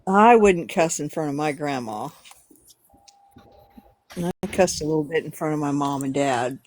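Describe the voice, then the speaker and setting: Low-voiced woman in candid chat. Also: animated, measured pace, a little hiss or hum. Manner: candid, laughing while talking. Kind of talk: casual chat.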